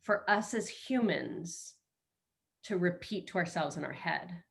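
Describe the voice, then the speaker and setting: A woman's voice: lowish voice, animated, unhurried, vocal fry. A middle-aged woman hosting a webinar, coaching in a casual, playful way and slipping into quoted self-talk, speaking over a video call.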